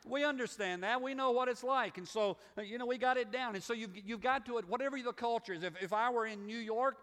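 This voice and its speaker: Preaching in a large hall, a middle-aged Southern pastor with a Southern US accent talks fast in a very high, slightly bright voice. His sermon is folksy and conversational, full of restarts and repeated phrases.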